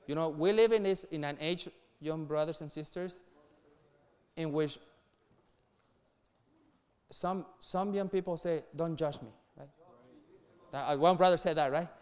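A middle-aged man preaching earnestly to young people, laughing softly between points and repeating words as he goes. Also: a little high, measured pace, pauses often, smooth. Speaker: youth pastor.

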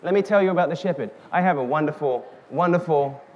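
A man preaching a sermon, slow and emphatic, calling out questions to the congregation. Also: fairly high pitch, dull audio. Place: church hall. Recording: reverberant hall with faint noise.

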